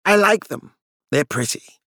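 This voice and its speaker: A man's voice: high voice, expressive, a little slow, sharp tone, no room sound, clean studio sound, voice pushed up, heavily acted. A man voicing a mild, dreamy, unbothered character in an audiobook. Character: peaceful, dreamy man fond of trinkets.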